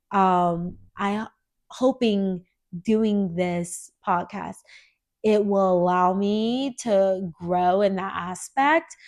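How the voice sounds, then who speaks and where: A woman in her twenties hosting a casual solo podcast, sounding nasal from a cold she is still getting over, chatty and earnest with lots of filler words. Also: medium pitch. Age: 20s. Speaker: podcast host.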